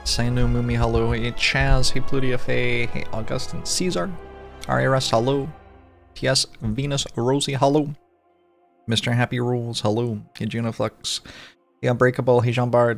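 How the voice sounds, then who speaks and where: A man streaming live, rattling off quick hellos to his chat at an ordinary middle pitch. He jumps between low, offhand muttering and loud mock-outraged outbursts. Soft game music plays underneath. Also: steady tone, vocal fry. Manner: reads out viewer names in quick greetings, with sudden loud mock-outraged outbursts. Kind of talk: casual livestream chat with viewers.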